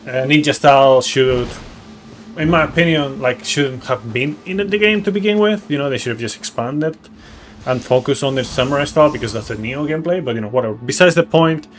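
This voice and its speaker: Game music plays behind a man streaming a video game as he chats casually during a live stream. His talk rambles, packed with fillers and casual swearing, in a medium-pitched voice at a fairly quick pace.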